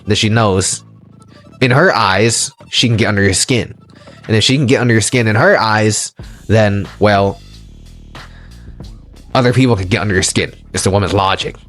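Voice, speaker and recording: A man of middle pitch delivers a motivational dating lecture. He is emphatic and repeats himself, pressing the listener with rhetorical questions. Faint music plays behind him. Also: fairly bright tone. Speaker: dating and self-help lecturer. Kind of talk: motivational monologue.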